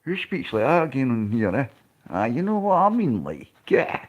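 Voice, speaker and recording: A Scottish man hosts a livestream, chatting loosely with his viewers in a rambling way, swearing and laughing often. His medium-pitched voice has a sing-song lilt at a normal pace, and the high frequencies are cut off.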